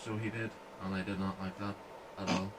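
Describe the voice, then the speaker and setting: A man's voice: deep voice, flat delivery, fairly quick, far from the mic, a little hiss or hum, poor audio. A man co-hosting a casual podcast, laid-back and swearing, with dry one-liners. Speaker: podcast co-host.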